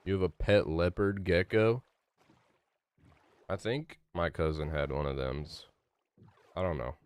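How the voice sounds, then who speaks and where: A man's voice: deep voice, a little slow, a little mellow, clean tone, no echo. A young man live-streaming a game, chatting loosely with his chat, rambling and swearing casually. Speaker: gaming streamer.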